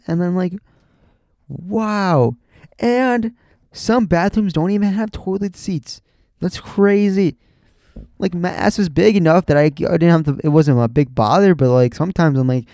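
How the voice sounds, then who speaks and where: Young man, gravelly, dark, rambling podcast talk, lots of fillers. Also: on the high side, dry recording, studio quality. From USA. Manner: rambling, many restarts and "like" fillers, swears casually. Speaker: podcast host. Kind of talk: casual rambling monologue.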